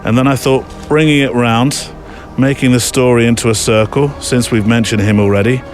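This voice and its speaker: A man's voice: medium pitch, fairly even intonation, moderate pace, soft background music. A middle-aged man hosting a photography podcast in a casual, rambling, self-deprecating way, with many fillers. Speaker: podcast host. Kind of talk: casual chat.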